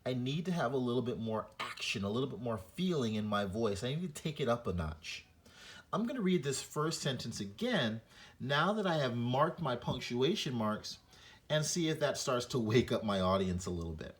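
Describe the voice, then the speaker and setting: Explaining punctuation in a reading lesson, a man speaks in a mid-range voice at an ordinary pace. He also reads a short story aloud, illustrating the difference between flat and expressive reading.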